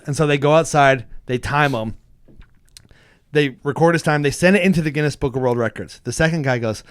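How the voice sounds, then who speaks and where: A man co-hosting a podcast, chatting casually and telling jokes with lively, animated delivery. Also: medium pitch, fairly quick, smooth. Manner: animated storyteller, drops his voice for joke characters. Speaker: podcast co-host.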